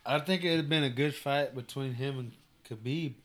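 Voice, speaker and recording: A man's voice: medium pitch, a little fast, a bit bright. A young married man chatting casually about fights and jiu-jitsu, easygoing, with mumbled asides and casual swearing. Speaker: podcast co-host, jiu-jitsu competitor. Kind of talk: casual chat.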